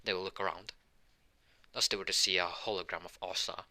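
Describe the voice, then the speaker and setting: A man with a low voice and a sharply bright tone tells an improvised fan story. He rambles, restarts sentences and leans on filler words as he goes. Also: fairly even intonation, a little fast. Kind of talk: improvised fan-fiction narration.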